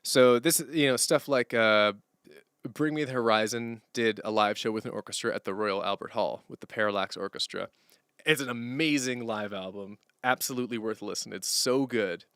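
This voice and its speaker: A man's voice: medium pitch, normal speed, a bit bright, clear, resonant tone, dry recording. Male streamer, casual rambling chat, clean dry close mic. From Canada. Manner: rambling, chatty, answers chat questions, laughs easily. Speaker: streamer and musician. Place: room at home, sitting on a hardwood floor.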